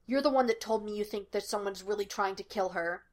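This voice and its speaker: A woman reading the lines of a gruff, exasperated male police detective in a fan fiction podfic. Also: mid-range voice, fairly quick, lightly acted. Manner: curt and demanding.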